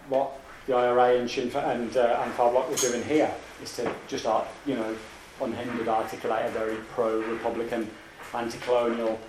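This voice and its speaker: Male lecturer, mid-pitched, halting delivery full of restarts; echoey hall, mic set back, faint background noise. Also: far from the mic. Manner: halting, many restarts and asides. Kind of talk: academic lecture.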